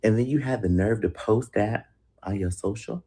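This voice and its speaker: A woman's voice: very deep voice, moderate pace, mellow, breathy edge. A woman in a played clip, giving mocking gossip commentary and laughing through her lines.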